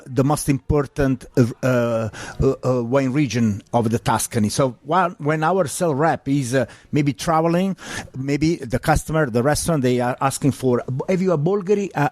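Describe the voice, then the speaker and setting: Italian-accented male wine rep, interview guest, pauses and fillers, dry close sound. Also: mid-range voice, a little mellow, no room sound. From Italy. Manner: halting, many filler pauses. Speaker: wine brand ambassador.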